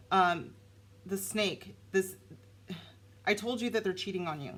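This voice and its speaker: A woman giving a casual, animated tarot reading, talking straight to her viewers. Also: medium pitch, moderate pace, long pauses, slight background noise. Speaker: tarot reader.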